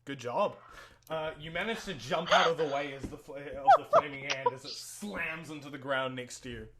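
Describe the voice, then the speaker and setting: A man's voice: fairly high pitch, expressive, normal speed, over a noisy crowd. A man running a tabletop game as game master in a live stream, talking casually and laughing often.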